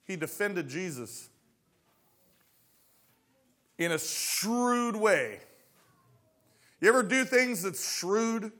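A man's voice: high voice, bright, forceful tone. A man preaching a sermon, reading scripture aloud and explaining it, with frequent questions to the congregation. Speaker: pastor.

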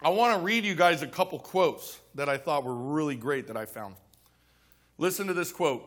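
Bright-voiced joking male pastor. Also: on the high side, lively intonation, moderate pace. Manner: conversational, joking, acting out little scenes. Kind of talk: sermon.

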